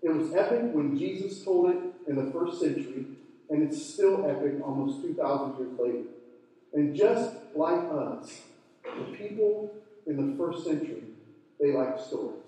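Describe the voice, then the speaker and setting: A middle-aged man preaching in a mellow, somewhat higher voice. He tells stories in an easygoing, conversational way. The sound is very echoey, picked up from some distance in a large hall. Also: expressive, moderate pace. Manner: conversational storytelling with fillers. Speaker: pastor. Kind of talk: sermon. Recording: echoey hall, mic from far off.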